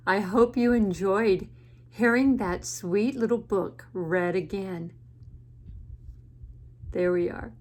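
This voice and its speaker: A woman teacher reading a picture book aloud to children in a gentle way, pausing to ask the listener questions. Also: medium pitch. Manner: gentle, asks the listener questions, laughs often.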